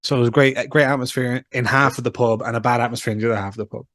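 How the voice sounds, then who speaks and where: A man's voice: medium pitch, steady tone, racing, a bit bright, dry recording, studio quality. A young man co-hosting a podcast, chatting casually and telling rambling stories with many fillers. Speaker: podcast co-host. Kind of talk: casual chat.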